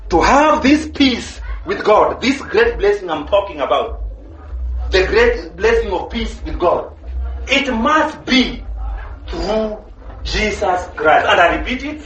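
A man's voice: sits high, fairly bright tone, roomy sound, rough recording. A man preaching a sermon as pastor, emphatic and driving home the same phrases again and again. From Kenya.

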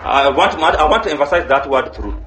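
A man's voice: mid-range voice, lively intonation, fairly quick, a bit bright, echoey room, a little hiss or hum, low-quality recording. A man preaching a sermon as pastor, emphatic and driving home the same phrases again and again. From Kenya.

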